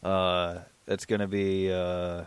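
Male podcast host, low voice, dry close sound, easygoing and joking. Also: completely flat delivery, slow pace, clear, resonant tone, no room sound. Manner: laid-back, teasing, laughs often. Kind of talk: casual chat.

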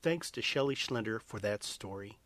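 A man's voice: on the low side, lively intonation, normal speed, fairly bright tone. A man hosting a radio science show, reading the closing announcements.

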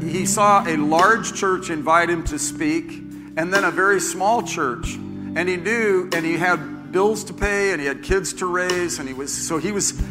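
A man's voice: high-pitched, big-room sound. An older man preaching a sermon as pastor, folksy and joking, often repeating himself. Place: church sanctuary.

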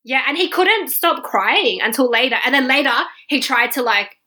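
A young woman casually telling a personal story on a podcast, acting out what people said with big jumps in her voice. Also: moderate pace. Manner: animated, acts out quotes with big pitch jumps.

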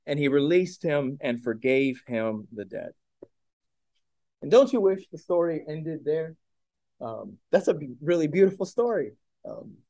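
Male pastor, high voice, dry close sound, animated sermon storytelling. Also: no room sound. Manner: animated storytelling with rhetorical questions.

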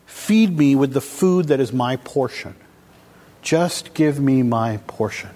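A man's voice: mid-range voice, expressive, slow pace, warm tone. A man preaching a casual, conversational sermon to a congregation, asking them questions as he goes. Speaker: pastor. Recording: long hall reverb.

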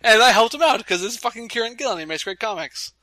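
A man with a high, very bright voice talks quickly in a casual podcast chat, giving firm opinions and swearing as he goes. The recording is dry and close. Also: lively intonation, dry recording. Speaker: podcast co-host.

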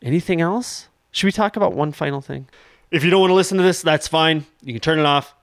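A man's voice: a little high, fast, no echo, clean studio sound. A man hosting a podcast in loose, joking casual chat, swearing and laughing often. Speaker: podcast host.

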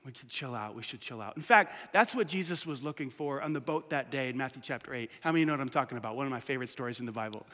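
A man preaching a sermon as pastor in a church, casual and conversational, swinging from loud urging to hushed, quiet asides. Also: medium pitch, racing, few pauses. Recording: long hall reverb.

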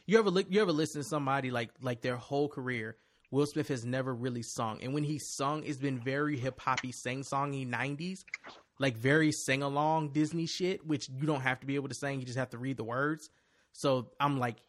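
A man's voice: medium pitch, a little fast. A man ranting casually. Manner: animated ranting, swearing freely. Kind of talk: casual chat.

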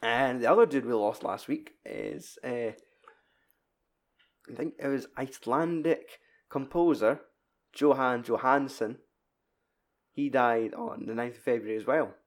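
A man's voice: mid-range voice, a little slow, pauses often. A man co-hosting a podcast in casual, rambling chat, often correcting himself. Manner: rambling, chatty, self-correcting. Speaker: podcast co-host.

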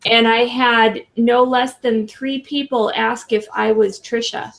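A woman's voice: fairly high pitch, flat delivery, takes it slowly, vocal fry. A woman co-hosting a podcast, chatting casually in a hesitant way, restarting her sentences as she goes. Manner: hesitant, many restarts and fillers. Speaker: podcast co-host. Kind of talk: casual chat.

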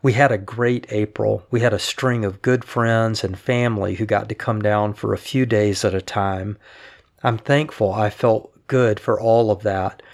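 Low, gravelly man reading aloud calmly. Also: unhurried. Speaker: husband reading his wife's writings aloud. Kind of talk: reading written updates aloud.

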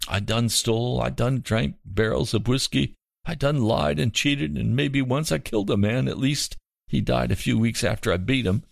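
A man voicing a dying old mountaineer, godless and frightened, who wheezes and gasps in rough country talk. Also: medium pitch, moderate pace, dry recording, clean studio sound. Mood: confessing.

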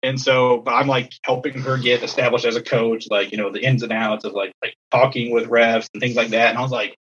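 A man, an assistant softball coach, telling a story in casual chat, acting out other people's lines in a raised voice. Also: medium pitch, fairly even intonation, a little fast, breathy edge, lo-fi sound.

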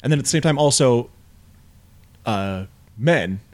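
Man, average pitch, casual podcast talk, blunt, swears a lot. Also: measured pace. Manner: profane, blunt, animated when incredulous. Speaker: podcast co-host. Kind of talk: casual film review chat.

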